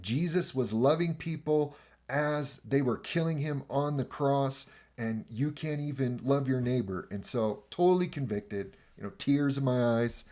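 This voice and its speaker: A man's voice: medium pitch, creaky. Man telling a story, chuckling. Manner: animated, acts out quoted dialogue, chuckles mid-sentence; frequent fillers and restarts, conversational. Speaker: podcast host recounting a pilgrimage. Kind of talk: casual personal storytelling.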